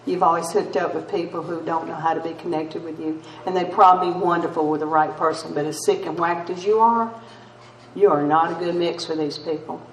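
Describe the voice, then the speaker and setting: A woman's voice: on the low side, steady tone, a little fast. An older woman speaking at a recovery meeting, telling her story with self-mocking humor and laughs. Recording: roomy distant mic with faint noise.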